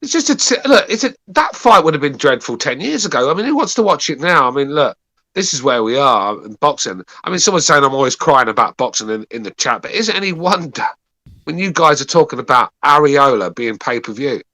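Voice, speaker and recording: A man's voice: a little high, very animated, a little fast, sharp tone, dry recording. A man co-hosting a call-in boxing podcast, grumbling and sarcastic in casual banter. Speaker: podcast co-host.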